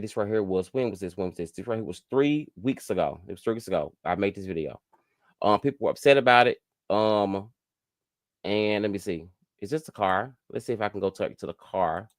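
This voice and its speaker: A man hosting a casual live stream, chatting to viewers and getting animated as he reacts to gossip. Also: moderate pace, no echo, clean studio sound. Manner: animated, chatty, jumps high in pitch when outraged. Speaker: host.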